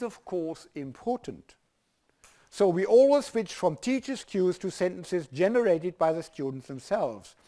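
An older man with a German accent giving a university lecture, hesitant, with many restarts and fillers. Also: high-pitched.

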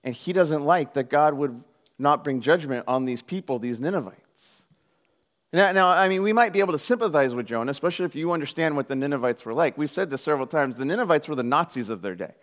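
A man preaching a sermon in a conversational, animated way, mixing jokes with storytelling. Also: a little high, quick pace. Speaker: pastor.

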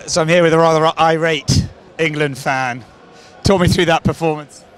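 Brisk male street interviewer. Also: a little high, fairly even intonation, clear, resonant tone, faint music behind. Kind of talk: vox pop questions. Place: outdoors outside a stadium.

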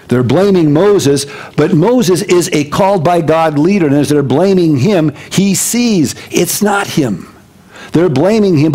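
A male senior pastor preaches a sermon, acting out the voices of the people he describes. For prayers, he drops his voice low and quiet.

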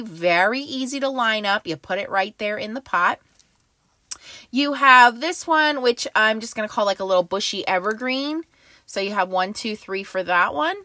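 Bright-voiced chatty woman crafter. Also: a little high, no room sound. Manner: chatty, enthusiastic, with fillers. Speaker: stamping crafter showing new stamp sets. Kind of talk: casual craft product demo.

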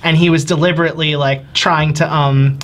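A woman's voice: sits low, fairly even intonation, a little fast. A woman with a New Jersey accent co-hosting a casual podcast, rambling through explanations with many fillers. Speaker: podcast co-host.

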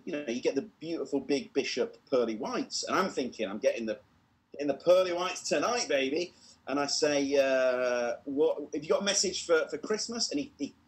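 On an online show, a British man with a mid-range voice tells a comedy story with lively energy, acting out the voices and laughing at his own tale.

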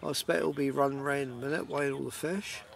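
A man vlogging a fishing match at a lakeside in the evening talks casually to camera and trades banter with his friends. He speaks at a racing pace in a mid-range voice with vocal fry and fairly even intonation, and faint outdoor ambience can be heard.

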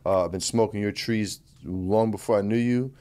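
Host, adult man, casual, enthusiastic, slang-heavy, lower pitch. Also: fairly even intonation, normal speed, mellow. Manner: hyped, slangy, frequent profanity and "you feel me". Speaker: podcast host. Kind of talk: casual chat.

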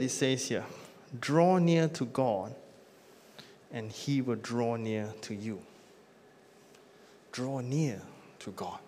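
Pastor preaching in a reverberant church hall. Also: male voice, medium pitch, slight background noise. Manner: emphatic preaching, rising loud on lists, dropping to a hush at the close of a point. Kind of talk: sermon.

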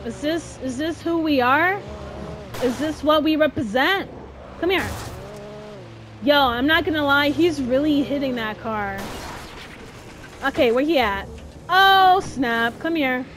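A woman's voice: high-pitched, takes it slowly, long pauses. A woman hosting her gaming channel, chatting casually and exasperated through a let's-play, often exclaiming at the game. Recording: steady noise with game sounds behind.

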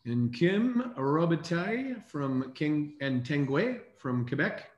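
A man hosting a casual online call, reading out names in an upbeat, brisk way. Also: on the high side, very animated, reverberant, muffled recording. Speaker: host.

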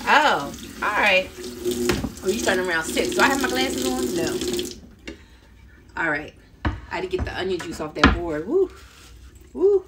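A woman's voice: medium pitch, very animated, unhurried, long pauses, very noisy. A middle-aged woman chatting casually with livestream viewers while she chops vegetables in her home kitchen, laughing often. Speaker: cooking livestream host. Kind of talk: casual cooking livestream chat. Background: loud chopping and kitchen clatter.

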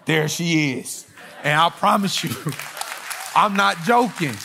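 A middle-aged man preaching a sermon, telling stories and acting out quoted voices, swinging between loud and hushed. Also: on the high side, slow pace, vocal fry, a faint crowd, a little hiss or hum. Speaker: pastor.

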